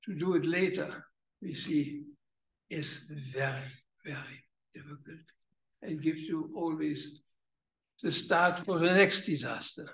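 An older man with a heavy German accent, a native German speaker, giving a welcome speech at a conference and searching haltingly for English words. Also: a little high, fairly bright tone, reverberant, poor audio. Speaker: guest speaker. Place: conference villa hall.

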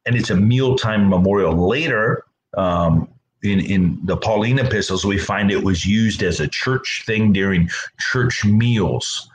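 Middle-aged male pastor, lowish voice, casual sermon delivery, repeats himself, mimics quoted speakers. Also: a little slow, a little hiss or hum, low-quality recording. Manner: conversational, repeats words, acts out quoted voices. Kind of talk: casual Bible teaching.

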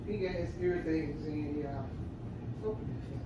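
A woman's voice: sits low, animated, normal speed, echoey room. A woman casually chatting to her viewers as she cooks in her home kitchen. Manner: chatty, talks straight to viewers as "y'all". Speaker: cooking vlogger. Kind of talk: casual chat while cooking. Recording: distant mic with noisy kitchen background.

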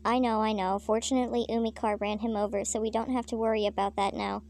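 A woman's voice: on the high side, flat delivery, quick pace, creaky, darkish tone. A woman voicing a matter-of-fact male concert announcer in a comic story reading. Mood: announcing.

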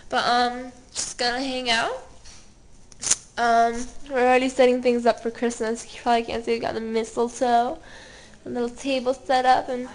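A woman's voice: on the high side, little pitch movement, moderate pace, a little hiss or hum. A young woman vlogging casually from her family's home, chatty and giggly with lots of fillers. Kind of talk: casual vlog chat.

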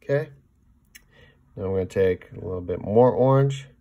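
A man giving a casual painting demonstration, chatting as he mixes paint, often checking in with "okay?" and trailing off softly mid-task. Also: on the low side, normal speed, gravelly, highs cut off. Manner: talks while mixing paint, trailing off softly. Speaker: painting instructor.

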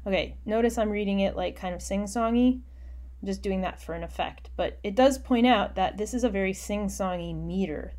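A woman teaching a recorded poetry lesson, explaining patiently and muttering quiet asides to herself while she annotates on screen. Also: medium pitch, normal speed.

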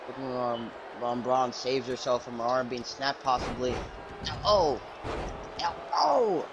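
A man hosting and calling play-by-play for a match, jokey and excitable, breaking into high yelps when surprised. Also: measured pace, background noise. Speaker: host and commentator.

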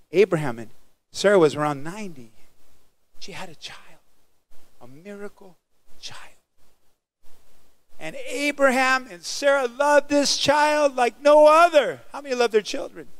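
A male pastor preaching a sermon, animated and calling out to the congregation for responses. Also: very high voice, no room sound.

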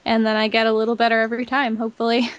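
A woman's voice: fairly high pitch, level tone, racing, muffled recording. A woman guest in a casual interview, easygoing and wry, who laughs often. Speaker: guest, comedy voice actor.

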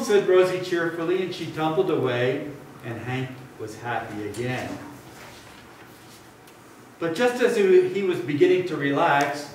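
A man leading a children's message at a church service, speaking gently and playfully to a young child and telling a story. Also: on the high side, expressive, measured pace, distant mic, slight background noise. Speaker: pastor. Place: church sanctuary. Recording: echoey sanctuary, mic from afar.

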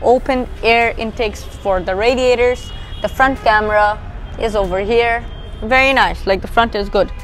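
Soft music plays behind a woman with a Bangladeshi English accent as she walks around a parked car outside, casually reviewing it and explaining each feature she points to. Her voice sits a little high, her pace is moderate, and she sounds chatty. As she moves, her voice fades in and out of the camera mic.

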